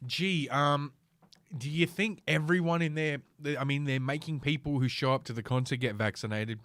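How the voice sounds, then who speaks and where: A man's voice: a little high, moderate pace, fairly bright tone, no room sound. A middle-aged man hosting a casual solo podcast, ranting in a profane, sardonic, rambling way from a home room. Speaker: podcast host.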